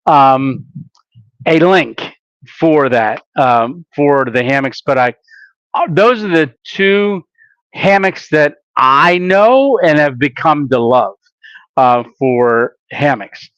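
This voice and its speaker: A man's voice: fairly high pitch, animated, slow, fairly bright tone, no echo. A man hosting a casual camping live stream, rambling along with lots of filler sounds and restarts. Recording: dull lo-fi dry sound.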